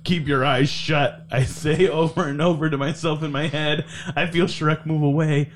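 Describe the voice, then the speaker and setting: A man's voice: on the high side, steady tone, moderate pace, slight background noise. A man co-hosting a comedy podcast, reading fan fiction aloud with mock drama and laughing reactions. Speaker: podcast co-host.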